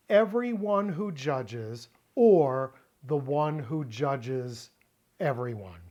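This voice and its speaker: A middle-aged man teaching a Bible word-study lesson, explaining deliberately and repeating key points for emphasis. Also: mid-range voice, darkish tone. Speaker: Greek teacher.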